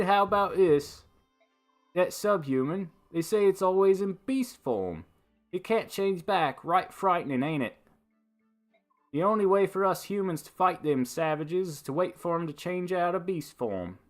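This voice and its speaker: A gossiping servant girl with a put-on British accent, as a man reads her lines, high and brassy and well above his usual voice. She talks in a loud, exaggerated lilt over faint game music. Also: a little slow. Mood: gossipy. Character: gossipy young female servant, nosy and chatty. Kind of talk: reading game dialogue aloud.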